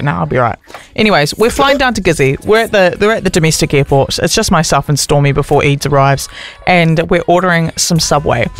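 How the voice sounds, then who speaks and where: A woman with a New Zealand accent, co-hosting a radio show and telling stories in a lively, laughing way. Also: low voice. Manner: animated storytelling, laughs often. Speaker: radio host. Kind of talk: casual radio chat.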